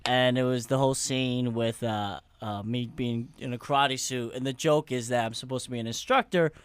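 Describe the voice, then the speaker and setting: Indignant comedian retelling a run-in. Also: male voice, mid-range voice, steady tone, normal speed, smooth, no room sound. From Pennsylvania. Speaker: guest comedian. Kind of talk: storytelling on radio. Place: radio studio.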